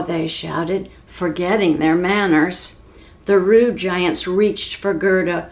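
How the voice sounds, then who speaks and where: A woman telling a children's story for a library reading program, slow and expressive. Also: mid-range voice. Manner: slow, expressive, clearly paced.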